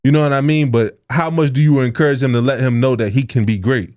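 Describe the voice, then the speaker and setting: A man's voice: medium pitch, fast talker, darkish tone. Young adult man, podcast co-host; earnest, informal, a touch preachy. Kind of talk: casual podcast talk.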